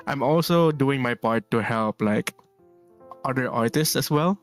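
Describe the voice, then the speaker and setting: Relaxed rambling male streamer, music behind. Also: mid-range voice, takes it slowly. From Philippines. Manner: relaxed, rambling, laughs often, reads chat aloud. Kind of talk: casual chat while drawing.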